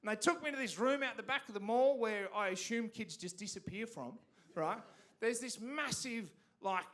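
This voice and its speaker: An Australian man doing stand-up on a theatre stage, telling stories animatedly and punching up the big lines loudly. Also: very high-pitched. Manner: animated storytelling with sudden loud punchlines. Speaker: stand-up comedian. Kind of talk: stand-up comedy set.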